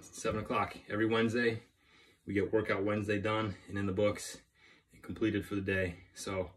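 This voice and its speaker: A man with a slightly low voice talks through a workout plan. He is a bit out of breath and upbeat, and he keeps checking in with a quick "okay?" between the counts. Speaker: fitness coach. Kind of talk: workout instructions to camera.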